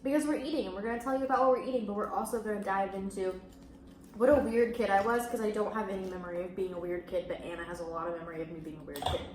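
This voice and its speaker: A woman's voice: medium pitch, steady tone, very fast, darkish tone. A young woman hosting a casual mukbang chat, telling stories in a chatty way full of fillers. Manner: chatty, filler-heavy storytelling with laughs. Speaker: host. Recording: echoey room with faint noise.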